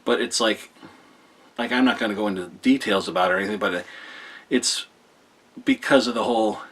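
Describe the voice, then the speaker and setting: A man's voice: fairly low pitch, fairly quick, fairly bright tone, slightly rough. A man giving a casual, rambling spoken film review, full of fillers, restarts and the odd swear word. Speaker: movie reviewer.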